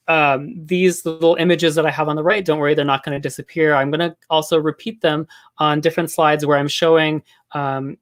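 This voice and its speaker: A man giving an academic talk on linguistics, measured and thoughtful, with frequent pauses and fillers. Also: fairly high pitch. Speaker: linguistics lecturer.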